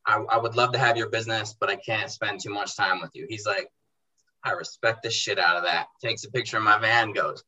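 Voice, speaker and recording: A young man who runs a car detailing business, telling animated stories in casual chat and acting out dialogue in quotes. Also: fairly low pitch, a little fast, rough recording. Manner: animated, acts out dialogue in quotes, says bro and dude. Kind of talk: casual storytelling in a podcast chat.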